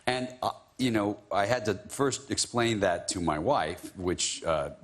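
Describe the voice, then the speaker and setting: A man's voice: lowish voice, expressive, a little slow, a bit bright. Self-mocking man telling a story. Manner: self-deprecating, laughs often. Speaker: guest. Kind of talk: chat show anecdote.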